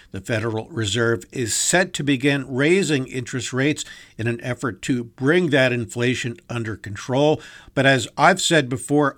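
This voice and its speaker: A man's voice: mid-range voice, fairly bright tone. Emphatic male news anchor. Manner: emphatic, punchy delivery. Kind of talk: scripted news reading.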